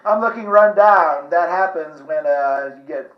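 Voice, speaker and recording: Guy doing a high voiced zombie squirrel cracking nut puns, echoey muffled audio. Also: unhurried, lightly acted. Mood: joking. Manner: tells corny nut puns and laughs at his own jokes. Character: wisecracking male zombie squirrel punster. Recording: echoey lo-fi recording.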